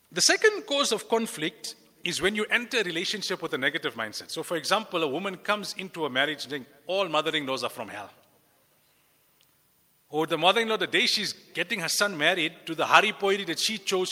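A man preaching a sermon with lively delivery, acting out the voices he quotes. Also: on the high side, in a large hall. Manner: animated, acts out quoted voices. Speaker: Islamic preacher.

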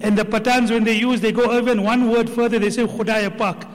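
A man's voice: very high-pitched, flat delivery, fairly quick, long reverb tail, slight background noise. A man giving earnest religious commentary, reciting Arabic verses with emphasis. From Indian subcontinent. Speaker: religious speaker.

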